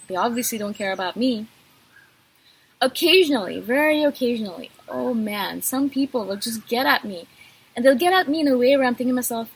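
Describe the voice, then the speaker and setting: A woman's voice: on the high side, fast, husky, poor audio. A woman vlogger talking straight to her viewers in an intense, passionate way. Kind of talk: direct-to-camera talk.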